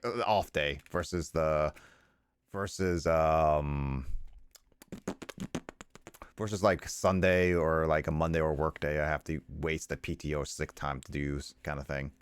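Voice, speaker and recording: A man's voice: very deep voice, a bit bright, clear, resonant tone, dry recording, studio quality. A man streaming a video game, chatting casually in a rambling, self-deprecating way. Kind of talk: casual chat while playing a game.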